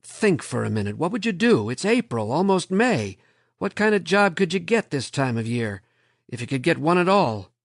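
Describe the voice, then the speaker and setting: A man's voice: a little high, very animated, normal speed, gravelly, no echo, studio quality, pitched above the performer's own voice, heavily acted. A man voicing an anguished middle-aged department head, pleading with rising urgency.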